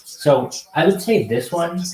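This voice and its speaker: A young man hosting a casual livestream, greeting strangers on video chat with loud, excited calls. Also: fairly high pitch, unhurried. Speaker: livestream host. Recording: roomy echo.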